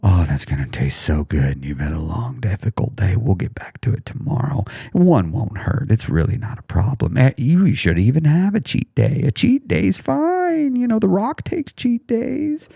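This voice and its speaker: Man putting on a coaxing inner voice, hushed, low, soothing, tempting. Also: big pitch swings, normal speed, gravelly, slightly rough, no echo, clean studio sound, exaggerated voice. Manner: soft, coaxing, half-whispered. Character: soothing tempting male inner voice urging to quit.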